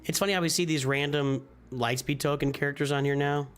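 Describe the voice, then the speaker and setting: Casual man with a slightly high voice. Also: steady tone, brisk, a bit bright, clean tone. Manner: casual, thinking aloud with restarts and repeated phrases. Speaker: streamer reviewing game rosters. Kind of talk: live-stream commentary. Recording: faint music behind.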